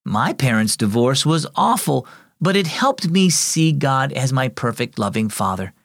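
A man reading a gentle, caring aunt. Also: medium pitch, big pitch swings, measured pace, no echo, clean studio sound, exaggerated voice. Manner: gentle, reassuring.

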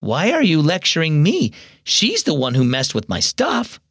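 Guy putting on a snippy older sister, kid voice, pitched way up, bouncy. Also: wildly swooping pitch, moderate pace, slightly rough, no room sound, studio quality, heavily acted. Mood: resentful. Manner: sharp, resentful. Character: angry bossy older sister, young girl.

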